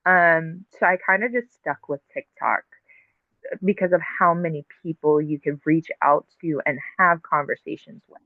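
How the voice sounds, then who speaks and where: A woman's voice: low-pitched, no echo. Woman guest on a call, tinny phone sound, dry, lots of ums and likes. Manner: halting, filler-heavy, explanatory. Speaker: podcast guest, TikTok live host. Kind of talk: casual conversational interview.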